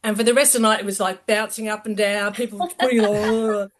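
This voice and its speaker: A middle-aged woman in a band, telling a story in an animated, salty way with lots of laughing. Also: mid-range voice, fast, slight background noise. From Australia. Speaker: band member. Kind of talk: casual interview storytelling.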